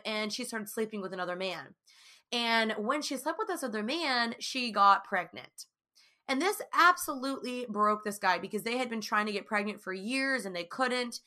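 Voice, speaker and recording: A woman's voice: medium pitch, bright, forceful tone. A young woman talking casually and earnestly to viewers about her faith, with many fillers. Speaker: Christian speaker sharing her testimony.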